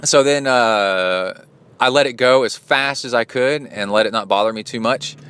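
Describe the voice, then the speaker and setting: A man's voice: mid-range voice, moderate pace, fairly bright tone, slight background noise. Male coach-host, casual storytelling, indignant, rambling delivery with fillers and restarts. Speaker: podcast host and endurance coach.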